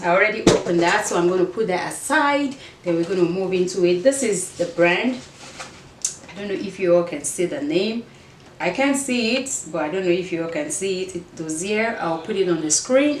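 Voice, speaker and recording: A woman's voice: lowish voice, slight background noise. A woman with an African accent, chatting casually to camera as a fashion and beauty vlogger, meandering and restarting her sentences. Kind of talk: casual vlog chat to camera. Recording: echoey room, mic at a distance.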